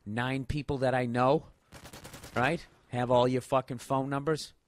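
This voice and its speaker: A man's voice: mid-range voice, flat delivery, unhurried, a little hiss or hum. A man in his forties telling a comic story in a profane, exasperated rant. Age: 40s. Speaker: comedian. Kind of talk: comedic storytelling monologue.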